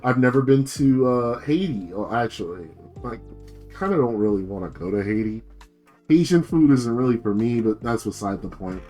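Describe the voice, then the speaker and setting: A man's voice: mid-range voice, lively intonation, moderate pace, dark tone, soft background music. A young American man streaming as a VTuber, rambling through a profane, casual rant full of filler words. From United States.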